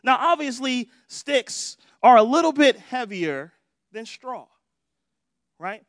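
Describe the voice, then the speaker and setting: A man's voice: extremely high pitch, sing-song, slow, a bit bright, no echo, studio quality. A man preaching a sermon in a conversational, playful way, often checking in with "right?".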